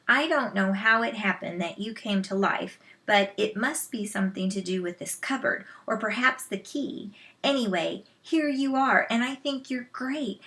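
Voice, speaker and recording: A woman's voice: on the high side, bright, forceful tone. A woman doing an eager young boy. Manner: eager and pleading.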